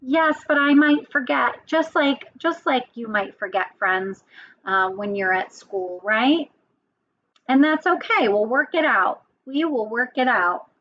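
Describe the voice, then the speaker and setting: A woman teacher giving a children's lesson, speaking gently and often checking in with a question. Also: fairly high pitch, expressive, slow, lo-fi sound. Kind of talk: children's lesson and storybook reading.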